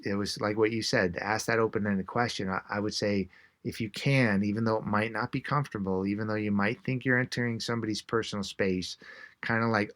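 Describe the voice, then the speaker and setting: A man, an author being interviewed, telling a story in an animated way and acting out the quotes. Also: on the low side, brisk. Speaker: author and guest.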